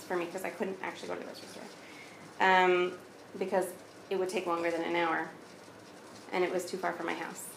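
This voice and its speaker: A woman telling a personal story in a blunt, lively way, acting out both sides of past conversations. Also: medium pitch, gravelly. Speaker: speaker sharing her story. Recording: echoey room with faint noise.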